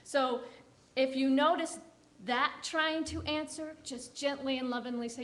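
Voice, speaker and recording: Gentle woman giving an inspirational sermon. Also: high voice, fairly even intonation, a little slow. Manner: gentle, soothing, encouraging. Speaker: guest speaker. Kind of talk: inspirational sermon leading a guided meditation. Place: church service.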